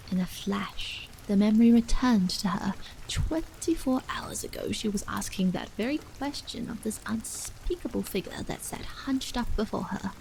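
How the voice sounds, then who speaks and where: A woman reading a horror novel aloud as a soft, half-whispered ASMR bedtime story. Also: medium pitch, expressive, normal speed, creaky, a little hiss or hum, poor audio.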